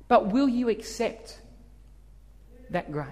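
Man, pastor, sermon storytelling, soft to shouting, echoey hall. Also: high-pitched, a little fast. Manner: animated, swings from soft to shouting. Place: church hall. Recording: long hall reverb.

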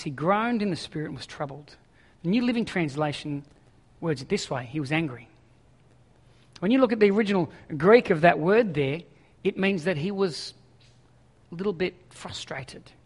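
A man preaching a sermon who reads scripture aloud and then paraphrases it in an urgent, conversational way. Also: high-pitched. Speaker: pastor. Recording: long hall reverb.

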